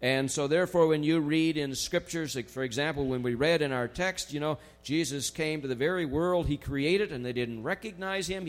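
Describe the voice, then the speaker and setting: A man preaching a sermon in a conversational way, slowing down to stress key phrases. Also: fairly high pitch. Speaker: pastor.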